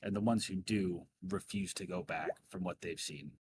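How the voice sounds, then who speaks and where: A man voicing a grave older male adventurer who speaks quietly and in a measured way. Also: low-pitched, background noise, close to an everyday voice.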